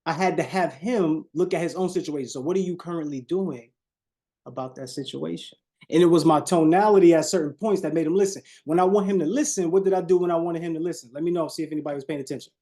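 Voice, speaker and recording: Guy with coaching sales on a live call, kinda high but mellow voice, preachy, keeps saying y'all. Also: quick pace. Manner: preachy, repeats phrases, shifts tone on purpose, talks to audience as y'all.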